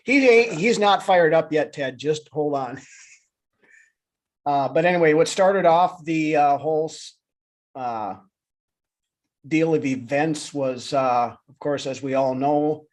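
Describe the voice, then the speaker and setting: A man's voice: fairly high pitch, slow pace, long pauses. A man co-hosting a live sports talk show, chatting casually with lots of fillers and restarts. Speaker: podcast co-host.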